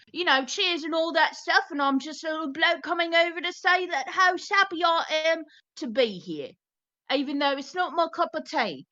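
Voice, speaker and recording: A brash lower-class Cockney woman chatters away in slang, as a woman puts her on. Her voice sits high and swings widely. The stream audio is slightly muffled. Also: pushed and bright. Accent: Cockney, put on.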